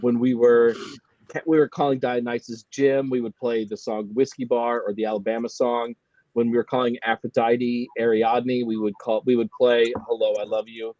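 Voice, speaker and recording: A man's voice: mid-range voice, flat delivery, normal speed, mellow, dry recording, highs cut off. A man co-hosting a casual film chat, joking and playfully repeating movie quotes. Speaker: podcast co-host.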